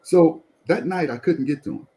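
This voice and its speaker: A pastor telling a personal testimony in conversation, animated and repeatedly drawing the listener in to follow along. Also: male voice, a little high, normal speed, poor audio.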